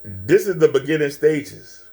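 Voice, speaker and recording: A man's voice: on the high side, very animated, measured pace, warm tone, breathy edge. A man hosting a reaction video, ranting profanely with taunts and insults at someone in a clip. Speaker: channel host reacting to a clip.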